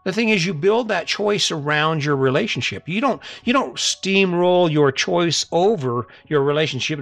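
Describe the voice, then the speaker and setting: Gravelly and fairly bright, this middle-aged podcast host's voice is a little high, with lively intonation, a moderate pace and few pauses. In his motivational monologue he earnestly coaxes listeners, repeating the same challenge. The recording has no room sound.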